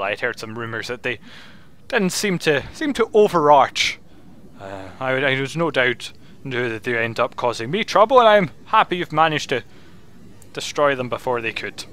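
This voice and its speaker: A man's voice: mid-range voice, pushed and bright, pitched above the performer's own voice. A man voicing a male wizard who commands zombies, speaking formally and overly politely with hesitant phrasing. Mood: gracious.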